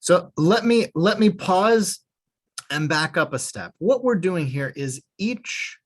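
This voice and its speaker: A man's voice: high-pitched, lively intonation, slow pace. A man teaching a beginner language class, patiently explaining step by step with a small joke now and then. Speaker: Hebrew teacher. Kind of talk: online class instruction.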